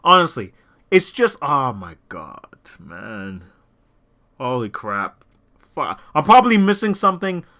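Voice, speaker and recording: A young man rambling excitedly about a movie in an unscripted rant, swearing a lot, his throat sore from talking. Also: medium pitch, unhurried. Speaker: movie vlogger.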